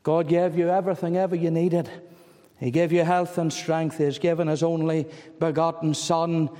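A man's voice: a little high, level tone, normal speed, dark tone. A man preaching an evangelistic sermon, pleading and fervent, repeating phrases for emphasis. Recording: long hall reverb.

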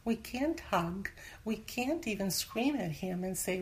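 A woman's voice: on the high side, lively intonation, slow pace. A woman giving a casual Bible teaching in conversation, earnest, sometimes dropping to a whisper for emphasis. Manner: acts out everyday voices when quoting. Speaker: Christian teacher.

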